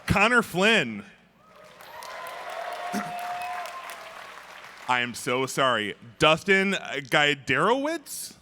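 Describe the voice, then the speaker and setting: A man's voice: on the high side, big pitch swings, very slow, pauses often, bright, forceful tone. A man hosting a convention closing ceremony on stage, joking loosely with his co-host as he reads out sponsor names. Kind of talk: live stage banter. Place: large convention hall stage. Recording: convention hall with crowd noise. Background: crowd and room noise.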